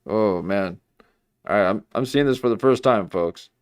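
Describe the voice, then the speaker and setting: A deep-voiced man hosts a casual livestream, rambling and mocking himself as he talks. His voice sits close and dry, with no room sound around it. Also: normal speed, clear, resonant tone, no echo. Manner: rambling, self-mocking, jumps into mock voices. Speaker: livestream host.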